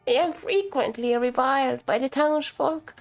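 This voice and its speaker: A woman voicing a wretched, rag-covered female spirit-lord who speaks in a rasp, slow and solemn, as part of a storybook reading. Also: sits high, faint music behind, pitched above the performer's own voice. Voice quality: rasping.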